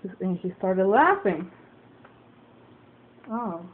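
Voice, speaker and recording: A woman's voice: mid-range voice, very animated, slow, slightly rough. A woman telling a story into her phone camera, swearing freely and acting out both sides of an argument. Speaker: vlogger. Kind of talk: casual venting story. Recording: tinny phone-like audio, faint hiss.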